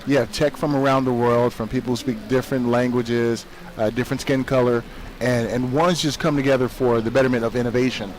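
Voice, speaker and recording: A man's voice: medium pitch, fairly even intonation, fairly quick, a little mellow, a little hiss or hum, rough recording. Chatty male interviewer at a trade show. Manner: chatty, rambling questions. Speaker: tech show host. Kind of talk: on-site interview.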